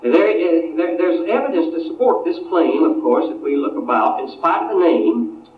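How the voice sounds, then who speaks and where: A man giving a history lecture, unhurried and often restarting his phrases. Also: fairly high pitch, lively intonation. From Appalachia. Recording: tinny, distant, roomy lecture recording.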